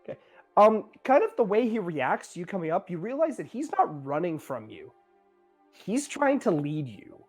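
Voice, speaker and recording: A game master talks players through a tabletop game scene in a loose, rambling way, stopping to correct themself and adding "like" and "um" throughout. Their pitch sits mid-range. Faint music plays in the background. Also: big pitch swings, moderate pace, breathy edge. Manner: casual, rambling, many fillers and self-corrections.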